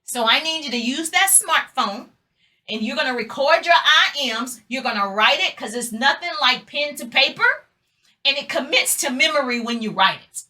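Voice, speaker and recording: Woman motivational speaker, middle-aged, high bright voice, emphatic and repetitive. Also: expressive, normal speed. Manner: emphatic, repetitive call-and-response exhortation. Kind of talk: motivational talk to an audience.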